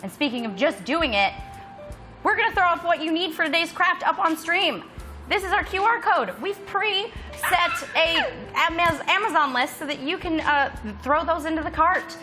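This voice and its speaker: A woman's voice: very high voice, expressive, normal speed, sharp tone, soft background music. A woman hosting a casual studio craft show, upbeat and playful, laughing often. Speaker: host.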